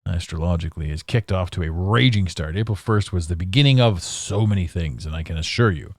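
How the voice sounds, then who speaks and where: A man's voice: sits low, brisk, hardly any pauses, no room sound, studio quality. A tired man in his forties from Canada, ranting sarcastically in a rambling solo podcast monologue. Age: 40s. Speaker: podcast host.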